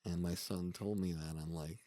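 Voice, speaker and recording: A man, a comedy producer and manager, telling stories in an earnest, reflective way as a podcast guest, often halting and restarting. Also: low-pitched, fairly even intonation, mellow, no echo, clean studio sound. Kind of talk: storytelling in a podcast interview.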